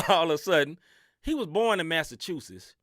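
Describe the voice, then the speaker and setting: A man's voice: a little high, expressive, a little fast, a bit bright, no room sound, studio quality. A man from the Mid-South with a Southern accent, co-hosting a casual sports podcast with slangy, laughing banter. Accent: Southern American. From Mid-South United States. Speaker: podcast co-host.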